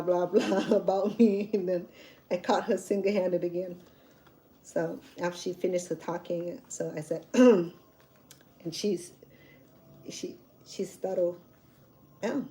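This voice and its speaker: A middle-aged woman talks in a candid, conversational vlog style. She often restarts her sentences. Her voice is mellow and relaxed at a middle pitch. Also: low-quality recording. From Cambodia. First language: Khmer. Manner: candid and chatty, with frequent restarts. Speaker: cooking channel host. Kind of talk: personal storytelling vlog.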